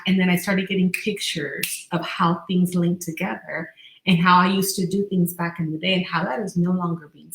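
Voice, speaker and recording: A woman co-hosting a casual spiritual podcast, telling stories with animation and acting out the voices she quotes. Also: on the low side. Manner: animated storyteller who acts out quoted voices. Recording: echoey room.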